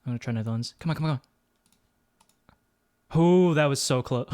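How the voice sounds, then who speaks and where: A man talks through a geography guessing game at his own pace, half muttering his guesses. He is quick to knock his own play. His voice sits mid-range and sounds dry and close, with no room around it. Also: mid-range voice, huge pitch swings, a little mellow, no echo. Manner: thinks aloud, mutters guesses, self-deprecating. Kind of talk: casual gameplay commentary.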